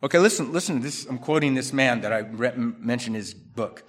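A male pastor delivers a sermon in a conversational way, mid-pitched for a man. He swings between loud, emphatic bursts and quiet asides. He acts out the people he quotes in his own voice. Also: lively intonation, brisk, few pauses.

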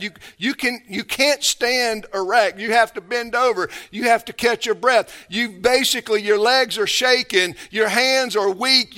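Male pastor, sermon, high bright tone, unhurried delivery, emphatic, repeats words. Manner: emphatic preaching, with hushed passages; repeats words and restarts often.

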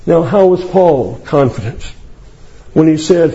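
A man preaching a sermon, emphatic and building to high declamation as he quotes scripture. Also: expressive, measured pace, gravelly, mellow, dull audio.

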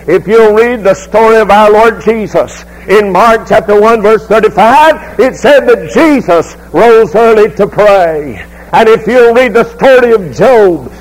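A middle-aged man, a pastor preaching a sermon that rises into loud, fervent passages. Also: sits high, poor audio.

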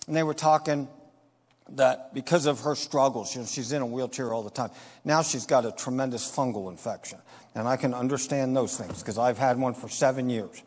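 Pastor guy preaching, a bit high voice, slows and leans hard on the big lines, long hall echo. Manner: emphatic preaching, slows down and rises on key phrases. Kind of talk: sermon.

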